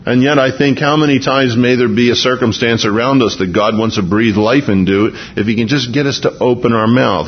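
Pastor, male, husky voice, conversational sermon delivery, dull lo-fi radio sound. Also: medium pitch. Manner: conversational, with restarts and chuckles. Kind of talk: expository sermon.

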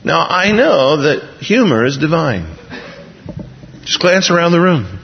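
A man preaching a sermon, retelling scripture in a lively, jokey way and acting out the dialogue in little voices. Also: fairly high pitch, unhurried, slight background noise. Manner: animated, jokey, voices the characters in scenes. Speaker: pastor. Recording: dull sound with long hall reverb.

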